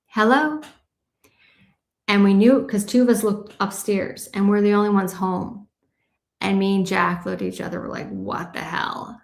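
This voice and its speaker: A woman guest on a radio show tells personal anecdotes in a casual interview, chatty and full of "you know"s. Her mid-range voice has a roomy sound.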